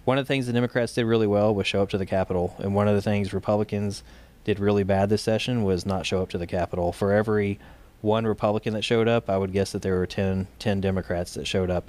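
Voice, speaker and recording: A man with a slightly low voice and a drawl, talking as an interview guest. He tells his story in loose, rambling runs, with many "uh"s and restarts along the way. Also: darkish tone. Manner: talks in loose runs with frequent fillers and restarts. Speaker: guest, state director of a gun rights group.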